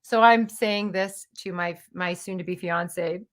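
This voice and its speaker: Brief: woman around 50, casual storytelling vlogger, chatty and animated. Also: fairly low pitch, takes it slowly. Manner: chatty, animated, lots of "like" and "you know".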